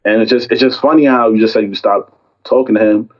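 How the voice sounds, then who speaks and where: Young man, husky voice, casual storytelling, acts out quotes, dull lo-fi recording. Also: mid-range voice, quick pace. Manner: animated storytelling, acting out both sides of an argument. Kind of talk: casual chat.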